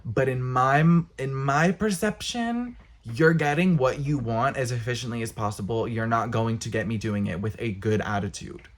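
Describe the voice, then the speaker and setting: A young man ranting casually to camera, exasperated, blunt and profane. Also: medium pitch. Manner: exasperated, blunt, profane, talks with quick bursts. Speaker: vlogger.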